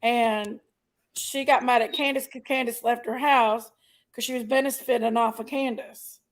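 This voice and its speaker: A woman joins a casual livestream as co-host. Her voice sits a little high, and she speaks in a blunt, opinionated, animated way. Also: moderate pace, poor audio.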